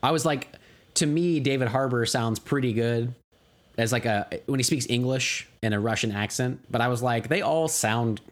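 A man's voice: medium pitch, normal speed. A man co-hosting a casual movie review podcast, rambling with lots of fillers and casual swearing. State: tired. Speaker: podcast co-host.

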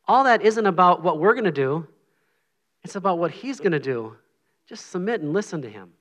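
A man's voice: sits high, expressive, a little fast, a bit bright. A middle-aged man giving an informal, earnest sermon as a lay preacher, humble and conversational, with prayer and scripture.

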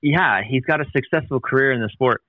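A man chatting casually and rambling, circling back and restarting his sentences. The sound is a little dull and dry, close to the mic. His pitch sits in an ordinary middle range. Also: a little fast, dry recording. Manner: rambling, restarts often, laughs easily. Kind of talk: casual chat.

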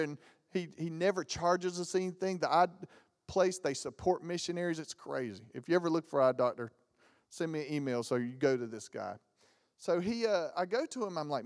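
A man's voice: sits high, long reverb tail. A man, preaching as a guest pastor and telling funny stories with put-on voices. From Southern United States. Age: 40s. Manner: animated storytelling with jokes and mimicked voices. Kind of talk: lively sermon with stories. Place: church sanctuary.

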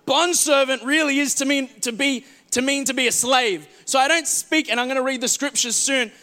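A man preaches to his congregation in a church hall. His voice sits high and has a bright edge. He moves between ringing declarations and quiet, hushed asides, often repeating words as he builds a point. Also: normal speed. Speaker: pastor. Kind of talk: sermon.

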